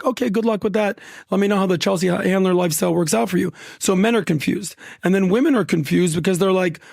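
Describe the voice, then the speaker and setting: Male podcast guest, high voice, blunt and sarcastic, dry close mic. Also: fast, gravelly, darkish tone, no echo. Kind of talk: opinionated talk.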